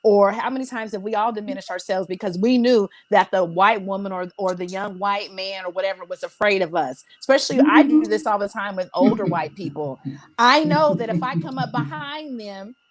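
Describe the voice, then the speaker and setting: A woman's voice: medium pitch, fairly quick. Woman panelist reflecting candidly. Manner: candid personal reflection, asks herself questions. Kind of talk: casual panel discussion.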